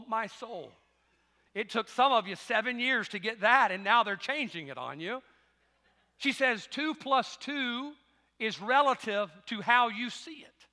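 A man's voice: high voice, bright, forceful tone, long reverb tail. A middle-aged man with a Southern American accent, preaching a sermon as pastor in folksy storytelling that rises to emphatic preaching. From Southern United States.

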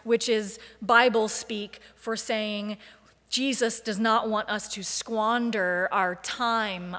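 Slow, measured woman preaching in a reverberant sanctuary. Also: mid-range voice, a bit bright. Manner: measured, deliberate delivery with emphatic lists. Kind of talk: sermon.

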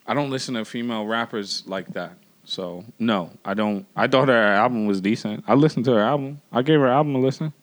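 A man's voice: medium pitch, a little fast. A man hosting a casual chat, laid-back and laughing often, with lots of fillers. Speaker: podcast host.

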